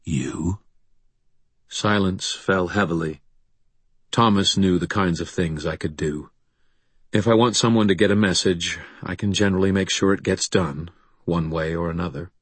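Brief: a male narrator reading first-person fiction, very low, husky, dry studio sound. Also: normal speed, dry recording. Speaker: audiobook narrator.

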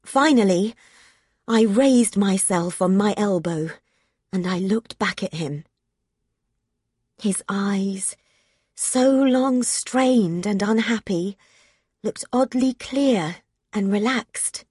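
Slow breathy woman reading a novel. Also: mid-range voice, darkish tone, dry recording, studio quality. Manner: emotional, slow and intimate reading. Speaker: audiobook narrator. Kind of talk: first-person novel narration.

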